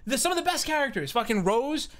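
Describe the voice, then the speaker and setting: A man's voice: extremely high pitch, very animated, fast talker, a bit bright. A man streaming a game, chatting casually in a profane, ranting way. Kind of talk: casual chat while gaming.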